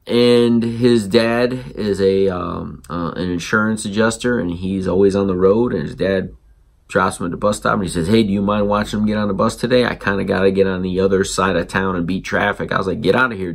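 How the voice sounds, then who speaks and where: A man hosting a parenting show, telling a story and acting out the dialogue in an animated way. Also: low-pitched, brisk, gravelly. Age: adult parent. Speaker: podcast host. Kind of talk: storytelling monologue.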